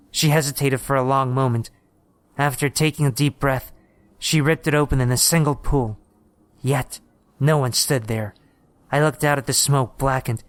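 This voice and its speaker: A man reading a horror story aloud in steady, measured scripted narration. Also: medium pitch, no echo.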